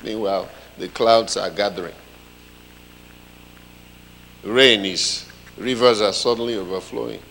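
A man preaching a sermon, telling a story with lively comic voices. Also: fairly low pitch, measured pace, gravelly, long pauses, in a large hall, slight background noise, rough recording.

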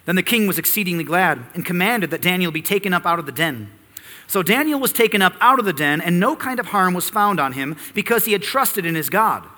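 Bright-voiced male pastor in a reverberant church. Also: high voice, lively intonation, a little fast. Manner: earnest teaching, rhetorical questions to the congregation. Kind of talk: expository sermon with scripture reading.

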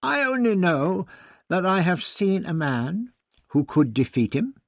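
A man reading an audiobook voices a scheming, sneering high priest with a husky, dry, drawn-out delivery. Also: very animated, no room sound, heavily acted. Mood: sly. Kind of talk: audiobook character voice.

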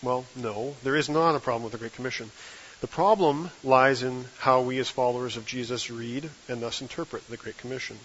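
A man preaching a sermon from the pulpit, with a measured delivery and emphatic stresses on key phrases. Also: medium pitch, steady tone, fairly bright tone, husky, lo-fi sound. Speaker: guest preacher.

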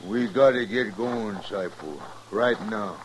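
An actor playing a jumpy outlaw partner who presses urgently to flee, in 1950s radio drama style. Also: male voice, lowish voice, slow, slight background noise, poor audio.

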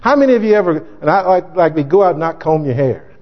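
A man preaching a sermon as pastor, emphatic and sometimes shouting, acting out scripture in character voices. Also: fairly high pitch, animated, fast talker. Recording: dull lo-fi recording in echoey hall.

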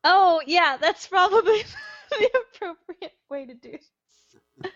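A woman's voice: extremely high pitch, animated, slow pace, fairly bright tone, dry recording, lo-fi sound. A woman co-hosting a casual podcast, rambling and giggling, with lots of "like". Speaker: podcast co-host.

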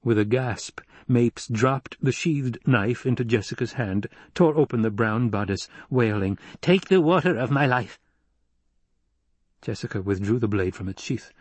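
Husky male audiobook narrator. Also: lowish voice, normal speed, hardly any pauses, a little mellow, no echo. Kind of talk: scripted narration.

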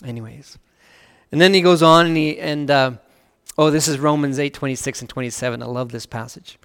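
A male pastor preaching with an earnest, rising-and-falling delivery, leaning into key phrases and then going hushed. His voice sits high and sounds smooth and clear. The sound carries a long reverberant tail from a large church hall. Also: steady tone, brisk. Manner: earnest, swells louder on key phrases and drops to a hush on scripture. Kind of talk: sermon.

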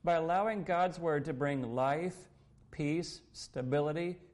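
A man preaching a sermon in an earnest, measured way, quoting scripture. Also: a little high, a little mellow. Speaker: pastor.

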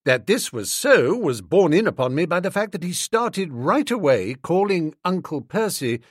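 A man narrating a comic novel in the first person, wry, expressive, and playful. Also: high voice, normal speed, no echo, clean studio sound. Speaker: audiobook narrator.

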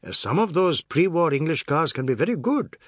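A man's voice: a little high, big pitch swings, a little fast, no echo, studio quality, voice pushed up. Man playing a petulant, scoffing older uncle.

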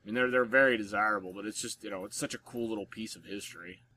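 A man's voice: on the low side, quick pace, sharp tone, a little hiss or hum. An American man co-hosting a podcast in casual chat, rambling with lots of "like" fillers. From United States. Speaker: podcast co-host.

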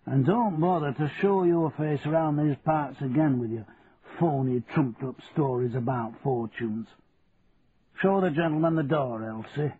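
Brief: male reader doing a wary old Yorkshire man, gruff and slow, tinny lo-fi recording. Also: medium pitch, natural voice. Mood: angry. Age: older. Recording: tinny lo-fi radio recording, faint hiss.

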